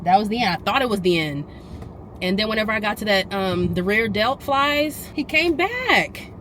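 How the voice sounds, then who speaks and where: Chatty vlogging mom over road noise. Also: female voice, mid-range voice, normal speed. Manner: animated, exasperated storytelling. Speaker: vlogger and mother. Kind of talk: casual vlog chat.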